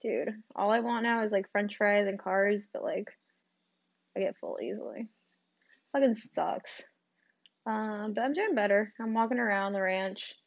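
A woman's voice: medium pitch, unhurried, no room sound, highs cut off. Casual cussing young woman podcaster. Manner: rambling, swears a lot, many ums and likes. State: recovering from covid, coughing and short of breath. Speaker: podcast host. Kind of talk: casual solo podcast chat.

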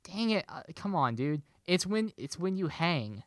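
A man's voice: high voice, very animated, a little slow, no echo, studio quality. A man co-hosting a casual movie podcast, chatting playfully and quizzing his co-host. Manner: playful, quizzing with a hammy pirate delivery.

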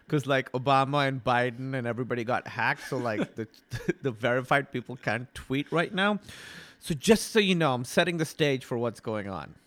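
A man chatting casually as a podcast guest. He talks in an animated, profane way, with laughing asides. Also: medium pitch, normal speed. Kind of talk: casual chat.

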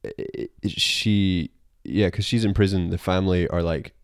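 A man on a podcast, chatting in a rambling, animated way and retelling scenes. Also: low-pitched, moderate pace, clean tone, dry recording, studio quality. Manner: rambling, animated, puts on character voices in retellings. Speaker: podcast co-host. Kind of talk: casual chat.

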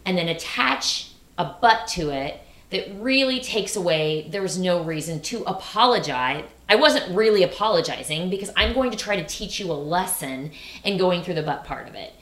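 Animated woman in an echoey room. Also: fairly low pitch. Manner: animated, quick asides, acts out quoted phrases. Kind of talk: casual conversation.

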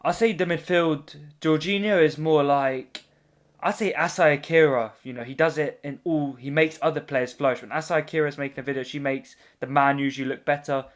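A man's voice: a little high, fairly even intonation, brisk. Brash joking podcast host, a man. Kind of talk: casual football chat.

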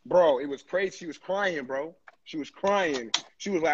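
A man co-hosting a podcast, chatting casually in an animated, emphatic way and swearing freely. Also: a little high, fairly quick, few pauses, breathy edge, lo-fi sound. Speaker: podcast co-host. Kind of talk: casual chat.

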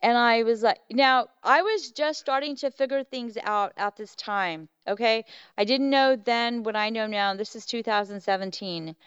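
A woman guest on a podcast telling a personal story in a casual, animated way, acting out what people said. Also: on the high side, moderate pace, hardly any pauses, clear, resonant tone, no room sound. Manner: animated, acts out quoted voices. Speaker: podcast guest, Bigfoot researcher. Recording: dull lo-fi, dry.

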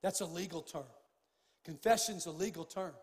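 An older man preaching a sermon as pastor, impassioned, swinging from hushed tones to loud outbursts. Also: a little high, moderate pace, long reverb tail. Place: church sanctuary.

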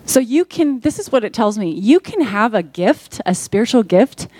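A woman's voice: a little high, big pitch swings, moderate pace, darkish tone, no echo. A woman pastor preaching a sermon in a conversational way that rises to emphatic peaks.

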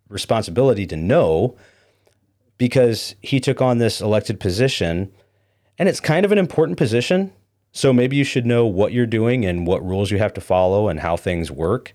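A man's voice: lowish voice, a little mellow. A man hosting a podcast with opinionated, dismissive commentary. He often stumbles over repeated words and fillers. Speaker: podcast host.

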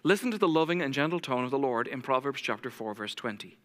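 Intense fast-talking pastor, hall reverb. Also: male voice, mid-range voice, animated. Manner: intense, fast-talking preacher who drops to a soft hush for scripture. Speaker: lead pastor. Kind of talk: sermon. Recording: long church hall reverb.

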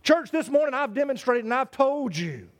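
A man's voice: extremely high pitch, very animated, moderate pace. A man preaching a sermon to his church, emphatic and repetitive, full of rhetorical questions. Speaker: pastor.

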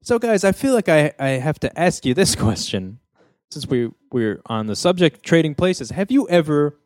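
A man's voice: on the high side, big pitch swings, normal speed, a little mellow, no echo, studio quality. A man hosting a casual comedy podcast, rambling through a story and acting out the lines. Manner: rambling retelling with quoted voices and laughs. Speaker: podcast host.

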